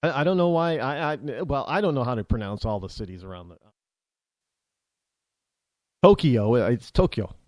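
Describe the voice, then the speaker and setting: An American man hosting a talk show, delivering a rambling opinion monologue full of halting restarts. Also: mid-range voice, expressive, no room sound. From United States.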